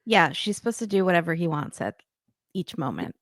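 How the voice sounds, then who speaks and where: A woman's voice: on the low side, very animated, dry recording, studio quality. Woman guest chiming in with comments. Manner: quick reactive interjections. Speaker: podcast guest. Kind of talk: casual chat.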